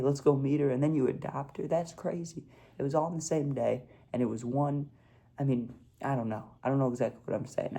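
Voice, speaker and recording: A man's voice: medium pitch, gravelly, dark tone. A young man telling a casual storytime vlog, laid-back and peppering his talk with "dude" and "like". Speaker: vlogger.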